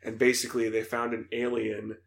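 A young man co-hosting a gaming podcast, chatting casually and excitedly with many fillers. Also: mid-range voice, a little fast, gravelly. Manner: excited, fillers, laughs, imitates voices. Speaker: podcast co-host. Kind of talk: casual chat.

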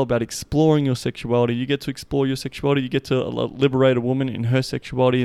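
Smooth-voiced man, flat and laid-back. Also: mid-range voice. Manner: profane, loose, full of "like" and "the thing is". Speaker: podcast host. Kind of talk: casual podcast monologue.

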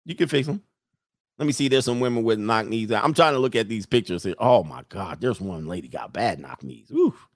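Loud joking man on a livestream. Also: lowish voice, expressive, brisk, no room sound, clean studio sound. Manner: loud, blunt, joking, laughs often. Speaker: livestream host. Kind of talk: casual livestream commentary.

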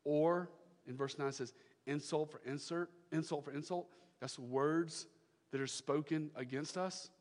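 A male pastor preaching a sermon, emphatic, repeating his phrases and swinging from loud declarations to hushed lines. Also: fairly high pitch, a little slow, in a large hall.

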